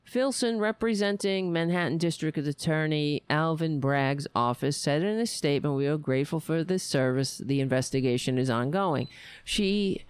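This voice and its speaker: A woman with a low, smooth voice reads news articles aloud at a moderate pace, breaking off for sarcastic, profane political commentary and often stumbling and correcting herself. There's no room sound.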